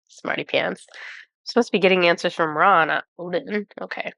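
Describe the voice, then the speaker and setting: A woman with a low, gravelly voice reads oracle cards aloud and channels what she senses for her viewers. She has a cold and speaks haltingly, pausing often and breaking into awestruck exclamations. The sound is dry and close. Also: a bit bright, dry recording. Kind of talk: intuitive card reading to viewers.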